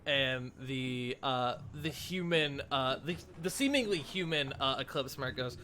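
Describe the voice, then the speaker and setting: Guy running a tabletop game, chill, lots of ums, bright sound. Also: medium pitch, expressive, unhurried, few pauses, slight background noise. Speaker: game master.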